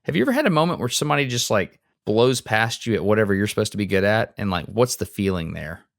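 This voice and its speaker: A man with a Southern US accent, chatting casually as a podcast co-host. His voice sits fairly low, and he talks in an earnest, self-deprecating way with easy laughs. The sound is dry and close. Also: lively intonation, quick pace, gravelly, no echo. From Alabama, US. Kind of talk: casual conversation.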